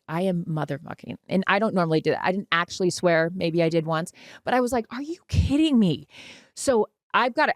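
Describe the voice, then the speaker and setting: A woman in her forties, co-hosting a podcast, telling a dramatic travel mishap in a casual, animated way with some swearing. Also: mid-range voice, no room sound, clean studio sound. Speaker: podcast co-host. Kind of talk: casual storytelling chat.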